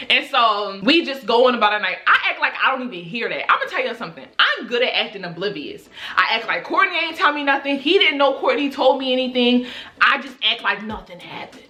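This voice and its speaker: A young woman tells a storytime to her camera, swinging her pitch widely as she acts out what everyone said. Her voice is bright, and she curses casually between the many "like"s. Soft music plays faintly behind her. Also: brisk. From Baltimore. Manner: animated, acts out quoted friends, frequent "like" and cursing. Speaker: storytime vlogger. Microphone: camera mic.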